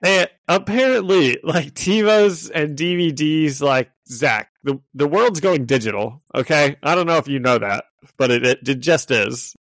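A man's voice: fairly high pitch, measured pace, a bit bright, no echo. A man co-hosting a podcast, chatting and laughing as he recaps a comic, often restarting his sentences. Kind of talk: casual chat.

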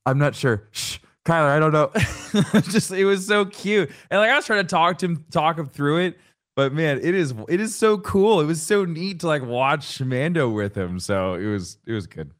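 A man hosting a casual podcast, animated and joking, who also slips in sponsor plugs. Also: fairly high pitch. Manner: animated, joking, quick ad reads. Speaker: podcast host. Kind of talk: casual chat.

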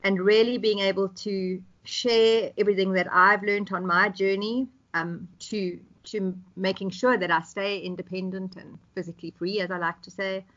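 A woman's voice: medium pitch, flat delivery, moderate pace, few pauses, a bit bright, highs cut off. South African woman in her fifties. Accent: South African English. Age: 50s. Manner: thoughtful, with frequent ums and restarts. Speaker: podcast guest. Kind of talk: conversational interview.

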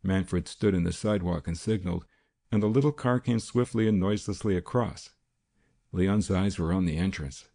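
Deep gravelly male narrator. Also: dark tone. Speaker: audiobook narrator. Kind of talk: scripted narration.

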